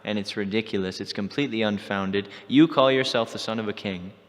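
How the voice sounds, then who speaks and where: A man's voice: on the low side, a little fast, lightly acted. A man voicing a fiery, witty young female cowherd who scolds sharply, in a long-reverb temple hall. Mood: scolding.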